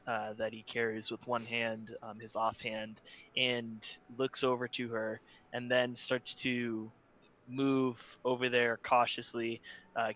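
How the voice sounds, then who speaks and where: Flat, bright-voiced man on a muffled call. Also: mid-range voice, a little hiss or hum. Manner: flat, measured, with many fillers. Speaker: player. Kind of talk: narrating his character's actions. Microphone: online voice call.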